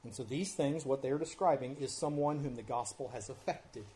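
A pastor preaching an earnest expository sermon, with emphatic rises and drops in loudness and casual asides. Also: male voice, mid-range voice, moderate pace, a little hiss or hum. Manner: conversational asides.

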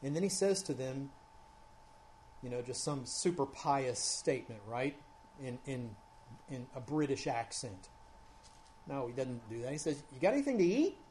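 A man preaching a sermon, earnest and conversational, rising loud when he reads scripture. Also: medium pitch, unhurried, long pauses, a little hiss or hum. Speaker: pastor.

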